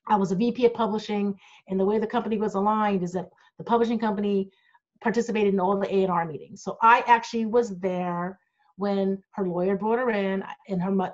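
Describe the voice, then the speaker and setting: A middle-aged woman speaking bluntly and candidly as she answers questions, holding nothing back. Her voice sits at an ordinary middle pitch and comes through a video call with slightly dull, lo-fi audio. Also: a little mellow. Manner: blunt, outspoken. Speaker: group manager answering fan questions. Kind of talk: candid Q&A chat.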